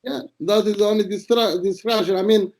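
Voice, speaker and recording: Blunt, crude, high-voiced man from Albania. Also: brisk, a little mellow. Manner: blunt, crude, boastful, rambling. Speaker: retired paparazzo. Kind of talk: casual interview storytelling.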